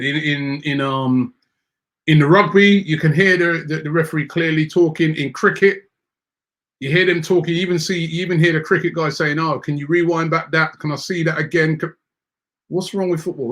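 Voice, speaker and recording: Hosting a football fan show, a man reads viewer comments and launches into an animated, exasperated rant, tripping over repeated words as he gets worked up. His voice is a little higher than most men's, and the talk is casual.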